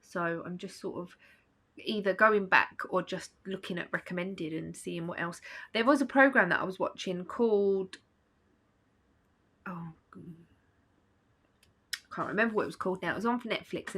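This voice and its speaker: A woman's voice: fairly low pitch, a bit bright. A woman vlogging at home in a casual, rambling chat, sleepy and yawning. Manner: chatty, rambling, with fillers and small laughs.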